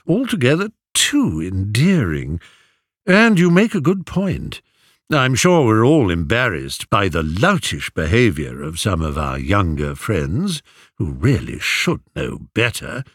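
A man voicing an older male suitor in a storybook who speaks with smooth, mocking politeness. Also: lowish voice, huge pitch swings, slow, fairly bright tone, dry recording, clean studio sound, exaggerated voice. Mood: condescending. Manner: drawling, mock-polite.

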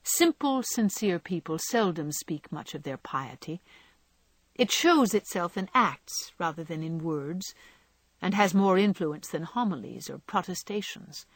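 A woman narrating a novel in a gentle, measured reading style. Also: on the low side, expressive, no room sound. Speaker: audiobook narrator.

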